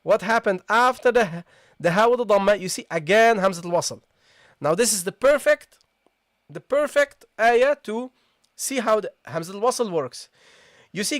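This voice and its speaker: Recitation teacher, live online tajweed lesson, patient, casual with the class, slow repeated sounds, dry close recording. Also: medium pitch, no echo. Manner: explains patiently and often checks in with the class; models recitation sounds slowly and repeats them.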